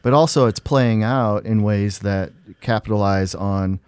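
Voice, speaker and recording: A man with a low, smooth, resonant voice explains a passage on a podcast. He speaks in a measured, explanatory way, and the sound is dry and close. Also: darkish tone, no echo. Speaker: guest pastor. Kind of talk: casual podcast discussion.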